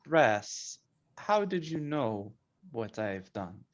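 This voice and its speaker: A man's voice: mid-range voice, big pitch swings, drawn-out words, highs cut off. A man voicing a courteous spellcaster who speaks formally and apologetically. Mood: formal apology. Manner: stiff, formal, apologetic speech.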